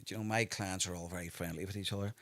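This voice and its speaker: A man's voice: low voice, steady tone, racing, fairly bright tone. A man, a personal trainer chatting as a podcast guest and often tagging "do you know" onto what he says. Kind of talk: casual podcast chat.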